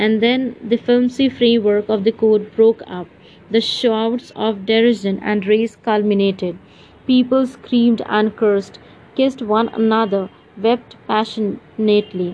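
A woman reading a novel aloud as a narrator, in a measured, unhurried way. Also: fairly high pitch, steady tone, mellow, highs cut off, slight background noise. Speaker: audiobook narrator.

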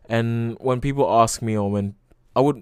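A man's voice: medium pitch, moderate pace, darkish tone, clean tone, no room sound, clean studio sound. A young man hosting a casual solo podcast, rambling loosely with lots of fillers and frequent swearing. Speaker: podcast host.

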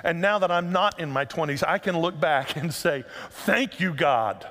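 Middle-aged man, pastor, sermon, joking storyteller, slightly high voice, long hall reverb. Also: moderate pace. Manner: animated, conversational storytelling with humor.

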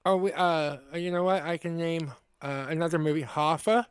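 A man's voice: a little high, moderate pace, clean tone, no room sound. A man co-hosting a podcast, arguing his points insistently in crude, casual banter. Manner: argumentative, insistent. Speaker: podcast co-host.

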